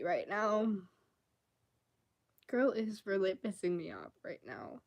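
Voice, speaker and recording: Slow-talking angry young woman ranting. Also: medium pitch, big pitch swings. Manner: angry, profane, exasperated. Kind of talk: casual ranting vlog.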